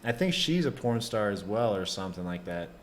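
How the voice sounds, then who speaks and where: A man co-hosting a reaction video, cracking deadpan crude quips. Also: fairly low pitch, fairly quick, slight background noise. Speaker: co-host.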